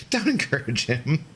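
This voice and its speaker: A man's voice: medium pitch, a bit bright, slightly rough. A young man streaming a game, chatting casually and jokingly with his viewers as he plays. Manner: chatty, rambling, joking with chat.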